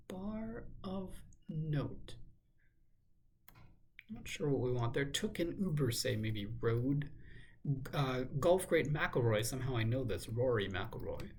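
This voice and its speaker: A man thinking aloud in a measured, musing way as he works through a crossword, now and then correcting himself. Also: mid-range voice, big pitch swings, husky. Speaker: crossword solver. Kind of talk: thinking aloud while solving a puzzle.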